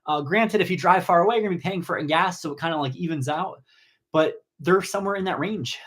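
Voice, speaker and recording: Man, from New Jersey, cosmetology host, casual live Q&A, chatty, rambling, excited pitch jumps. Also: fast talker. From New Jersey, USA. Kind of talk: casual live-stream Q&A reading viewer comments.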